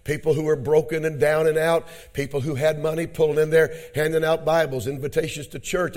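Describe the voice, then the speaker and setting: A middle-aged pastor preaching a sermon, telling a story in a low, quiet voice and then rising to loud shouted exhortation. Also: male voice, level tone, brisk, hardly any pauses. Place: church conference hall.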